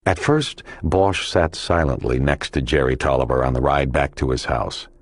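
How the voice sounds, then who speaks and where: A man narrating a crime novel audiobook in a measured, even storytelling manner. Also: very deep voice, dry recording. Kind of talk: scripted narration.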